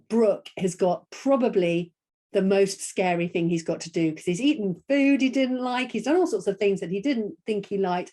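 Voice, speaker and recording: A middle-aged woman leading a webinar, modelling a read-aloud lesson for an imagined class with hushed whispers and excited high calls. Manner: expressive storytelling voice, big swings between hushed whispers and excited high calls; slow, deliberate teacher pacing with "copy me" prompts. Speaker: teacher trainer presenting a webinar.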